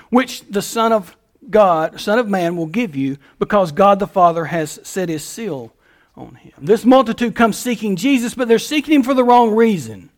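A male pastor delivering a sermon with a lilt. His voice is notably high for a man, and he preaches in a folksy style, leaning hard into his emphases.

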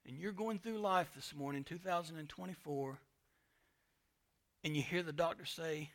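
Impassioned high-voiced male preacher. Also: moderate pace, pauses often. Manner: impassioned preaching, swings from loud to hushed. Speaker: pastor. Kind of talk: sermon.

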